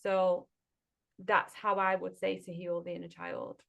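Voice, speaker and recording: A woman healing coach in a casual podcast chat, speaking gently and reassuringly and often checking in with "right?". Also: on the low side, level tone, a little slow, creaky.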